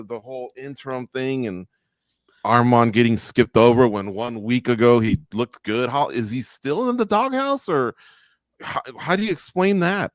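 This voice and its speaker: A man's voice: medium pitch, no echo, clean studio sound. A man co-hosting a live sports roundtable in casual chat, rambling and reading out viewer comments.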